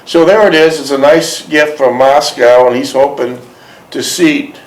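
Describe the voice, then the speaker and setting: A man's voice: medium pitch, a little slow. A man hosting an interview, patiently asking questions and repeating them. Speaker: interviewer host. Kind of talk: casual interview. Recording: roomy echo.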